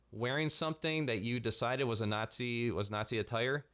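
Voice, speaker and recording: A man's voice: mid-range voice, normal speed, hardly any pauses, a bit bright, clear, resonant tone. A man delivering a sarcastic, profanity-heavy commentary rant as a vlogger.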